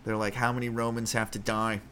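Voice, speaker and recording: A man's voice: fairly low pitch, flat delivery, brisk, fairly bright tone, slight background noise. A man hosting a comedy podcast, chatting casually and rambling with lots of swearing and restarts. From Canada. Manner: profane, rambling, self-interrupting. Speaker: podcast host. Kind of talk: casual comedic Bible commentary.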